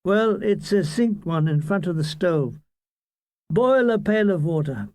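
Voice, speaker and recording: A man's voice: high-pitched, lively intonation, measured pace, darkish tone. A man voicing his doting older mother, fussing and homely in her speech. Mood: fond.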